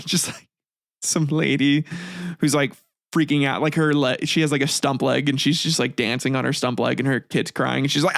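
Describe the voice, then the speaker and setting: A man's voice: on the high side, fairly even intonation, moderate pace, vocal fry, a bit bright, no room sound, clean studio sound. A man hosting a comedic history podcast, reading old text aloud and breaking off into rambling, swearing asides with frequent laughter. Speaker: podcast host.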